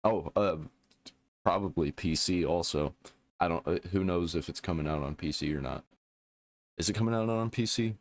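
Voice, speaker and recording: A man's voice: low-pitched, moderate pace, a little hiss or hum. A man hosting a casual reaction commentary, talking back at a clip in a blunt, opinionated way. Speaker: reaction host.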